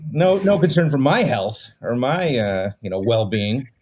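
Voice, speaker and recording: A man's voice: mid-range voice, very animated, unhurried, darkish tone. A man in his fifties, a podcast guest making wry, hesitant remarks in casual chat.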